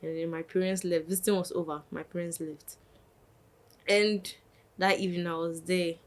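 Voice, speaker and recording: A young woman, a podcast guest telling a lively story and acting out what others said. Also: on the low side, moderate pace. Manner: animated, acts out quotes of others. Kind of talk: casual storytelling.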